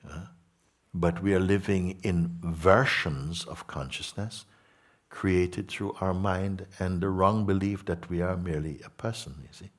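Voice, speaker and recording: A man giving a spiritual satsang talk to an audience, gentle and unhurried, repeating simple phrases and asking his listeners questions. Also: low-pitched, fairly even intonation. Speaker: spiritual teacher.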